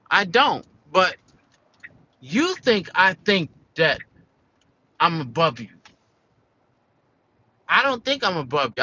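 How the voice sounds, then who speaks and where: A man's voice: a little high, pushed and bright, dull audio, a little hiss or hum. An American man venting casually in a candid, profane, rambling monologue, full of restarts. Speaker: vlogger.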